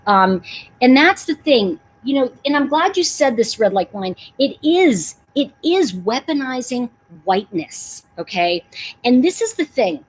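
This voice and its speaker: Animated, breathy woman chatting to viewers. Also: sits high, a little slow, low-quality recording. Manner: animated, emphatic, talks to viewers in chat. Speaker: livestream host. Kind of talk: casual livestream chat.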